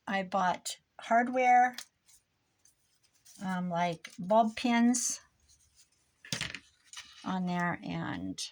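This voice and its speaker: A woman's voice: medium pitch, slight background noise. An older woman, a grandmother, chatting casually and rambling as she works on a craft project. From United States. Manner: rambling, chatty, talks while working. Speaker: craft vlogger. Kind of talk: casual chat while crafting.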